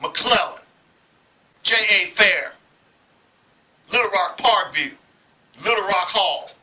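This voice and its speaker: A man's voice: high-pitched, takes it slowly, sharp tone, rough recording. A man from Arkansas giving impassioned sports commentary, heated and preachy, hammering points with repetition.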